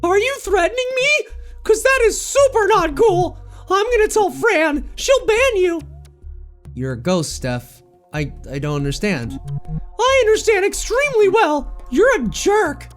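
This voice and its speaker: A woman voicing a touchy, earnest young woman student in a high, indignant voice. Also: huge pitch swings, unhurried, soft background music, exaggerated voice.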